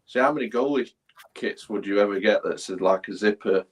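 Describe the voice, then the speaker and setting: A man's voice: fairly low pitch, moderate pace, husky. A man joining a casual live-stream chat as a guest over a video call. He is easygoing and laughs along.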